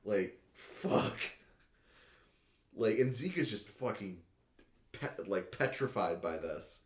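Man, casual podcast chat, excitable rambling, frequent swearing, lowish voice, roomy echo. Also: slow. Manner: rambling and excitable, heavy use of "like", swears often. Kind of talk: casual chat recapping an anime episode. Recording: echoey room.

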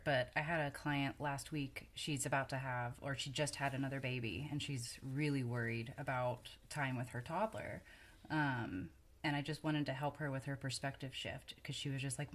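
A woman co-hosting a parenting video, chatting casually and telling stories about her clients. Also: very deep voice. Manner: conversational, tells client stories. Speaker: parenting co-host. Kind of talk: casual chat.

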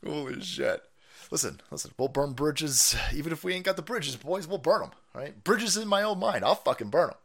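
A man's voice: fairly high pitch, moderate pace. Foul-mouthed man ranting on stream. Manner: foul-mouthed, mocking, sarcastic, animated. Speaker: streamer host. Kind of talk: profane ranting commentary.

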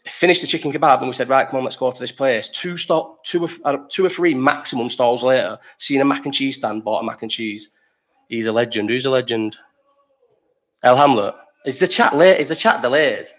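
A man's voice: mid-range voice, a bit bright. A young man hosting a live chat, rambling through a festival story, swearing freely and breaking off to answer the chat. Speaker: livestream host.

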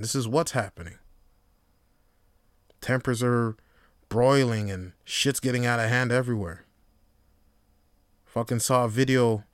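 Smooth-voiced man musing on a podcast. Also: mid-range voice, no room sound, studio quality. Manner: profane, rambling, reflective, swings into animated storytelling. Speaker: podcast host. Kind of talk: casual solo podcast monologue.

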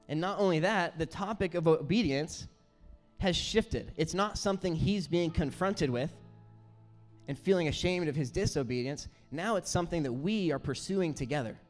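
A man preaching a sermon as pastor, telling stories in an earnest, animated way. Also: a little high, normal speed. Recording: roomy hall with faint music.

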